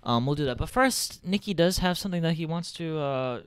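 A man's voice: a little high, animated, a little fast, clean tone. A man hosting a casual podcast, explaining things in a rambling way with many fillers. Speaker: podcast host.

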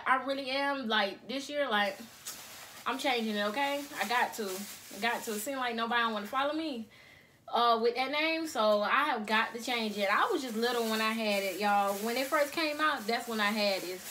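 A young woman talks straight to her viewers from her bedroom, chatty and easygoing, calling them y'all and tagging okay onto her sentences. Her voice sits high and sounds bright. She records on her cell phone. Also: a little hiss or hum. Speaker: mukbang vlogger. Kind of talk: casual chat to viewers.

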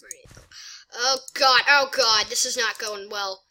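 A woman narrates her gameplay in a high, piercingly bright voice. She is excitable and chatty, muttering to herself between moves. It is casual let's play commentary from a gaming channel host. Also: normal speed, a little hiss or hum, low-quality recording.

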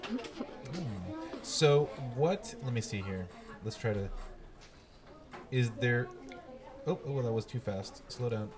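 A man teaching a class and hosting the show, asking questions in a relaxed, playful, teasing way. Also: medium pitch, slow pace, pauses often, crowd noise.

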